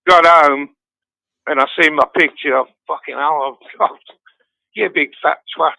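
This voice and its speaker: A man's voice: a little high, fairly even intonation, unhurried, vocal fry, bright, forceful tone, dry recording. A man, talking bluntly and swearing freely on a call, then reading out his own poem. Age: 60s. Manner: blunt, sweary, self-mocking. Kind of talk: casual chat and poem recital on a call. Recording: tinny phone line, dry.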